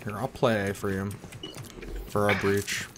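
A man's voice: lowish voice, flat delivery, slow pace, noisy background. A man streaming a team shooter game, chatting casually and jokingly with his teammates over a headset. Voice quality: laid-back, joking manner. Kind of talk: casual gaming chat with teammates.

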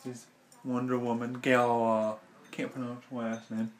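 A chatty man rambles through a casual vlog, laughing often. His voice sits at an ordinary middle pitch. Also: level tone, a little slow, noisy background. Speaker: vlogger.

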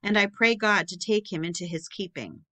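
A woman's voice: mid-range voice, normal speed, sharp tone, natural voice. A woman reading the lines of a grieving medieval knight, lamenting in archaic speech.

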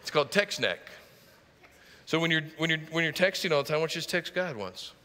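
A middle-aged man preaches from the pulpit in a fairly high, very bright voice. He presses each point with rising emphasis and drops into playful asides. His voice rings with a long reverb through the church hall. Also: expressive, fairly quick. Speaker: pastor. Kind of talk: sermon. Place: church sanctuary.

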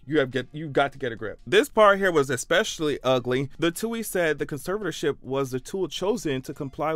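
A man giving casual reaction commentary, sassy and profane, breaking into high-pitched exclamations. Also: a bit bright, no echo. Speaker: commentary vlogger.

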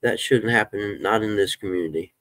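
Brief: low-voiced man, relaxed folksy live-stream chatter, dry close sound. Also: brisk, no room sound. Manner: folksy, swears when fired up. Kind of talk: casual live-stream chat.

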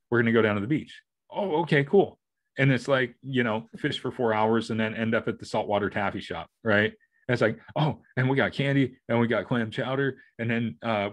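A middle-aged man co-hosting a podcast, chatting casually in a rambling way with many restarts and acted-out family quotes. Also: mid-range voice. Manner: rambling, restarting, acting out family members' lines. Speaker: podcast co-host. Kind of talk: casual chat.

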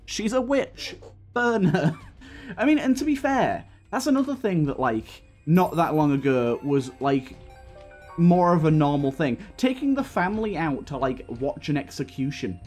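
A man's voice: fairly high pitch, very animated, normal speed, a little mellow, faint music behind. Chatty man rambling over gameplay. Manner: rambling, chatty, laughs often, many restarts. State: hiccuping. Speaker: gaming YouTuber. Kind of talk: casual gameplay commentary.

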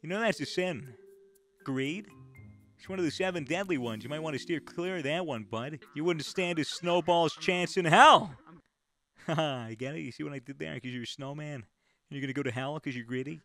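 A man's voice: fairly high pitch, brisk. A man hosting a casual game chat, teasing and needling another player and swearing freely. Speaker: YouTuber host.

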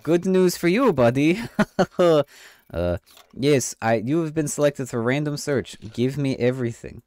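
A man's voice: on the high side, lively intonation, a little slow, darkish tone, dry recording. A man streaming a game, joking in a mock-official inspector voice with a put-on accent and swearing. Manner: puts on a mock foreign accent. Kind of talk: comedic let's play commentary.

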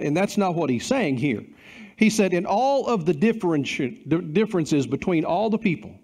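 A man's voice: high-pitched, a little mellow. Middle-aged guy pastor preaching, lots of ups and downs in his voice, earnest, keeps repeating himself for emphasis. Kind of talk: sermon.

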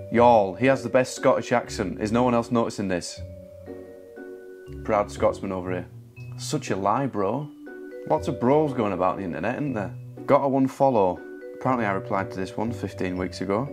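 Sarcastic man, jokey commentary. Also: on the low side. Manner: sarcastic, jokey, laughs often. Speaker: magician and video creator. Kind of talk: comic commentary reading comments. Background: background music.

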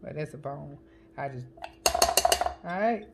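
A woman chatting casually as a home cooking vlogger, counting her seasoning shakes out loud and joking with family off camera. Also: low-pitched, animated, unhurried, very noisy. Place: home kitchen. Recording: kitchen clatter of dishes and utensils.

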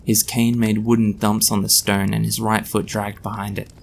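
A man reading his own story aloud in a measured, dry narration. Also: fairly low pitch, level tone, vocal fry, slight background noise.

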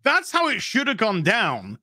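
Guest co-host, high bright voice, dry sound, snarky and sweary. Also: male voice, huge pitch swings, a little slow, no room sound. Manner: blunt, sarcastic, swears. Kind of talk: casual live review chat.

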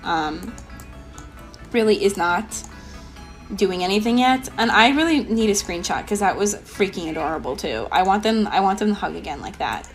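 A young woman hosting a let's play, chatting in a bubbly, excitable way full of "like" and "um". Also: mid-range voice, normal speed. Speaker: gaming channel host. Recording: light background music.

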